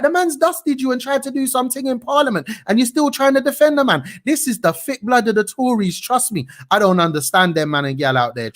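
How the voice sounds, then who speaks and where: A young man hosting a news show in a casual, slangy and indignant way, with big swings in pitch. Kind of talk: casual, energetic news commentary.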